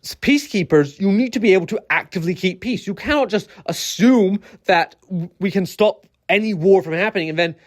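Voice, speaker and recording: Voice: medium pitch, a little fast, few pauses. A video essayist ranting casually, rambling through many fillers and restarts with exasperated, incredulous asides.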